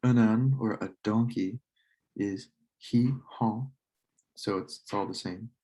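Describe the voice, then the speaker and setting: A man with a deep, mellow voice teaches a casual slideshow lesson. He talks in a relaxed, halting way and stops to correct himself now and then. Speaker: French club teacher.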